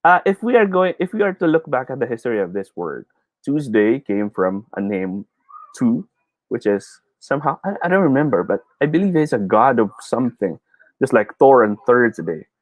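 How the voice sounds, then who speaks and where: A man's voice: mid-range voice, sing-song, moderate pace, no echo. A man with a Filipino English accent teaching a live online speech class, reading viewers' comments aloud, chatty, often laughing and mixing Tagalog into his English.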